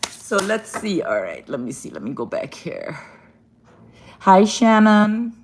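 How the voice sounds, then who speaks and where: A woman's voice: a bass voice, wildly swooping pitch, normal speed, creaky. A woman giving an affectionate live-stream card reading from a hotel room, greeting viewers as darling and baby and laughing often. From Guyana.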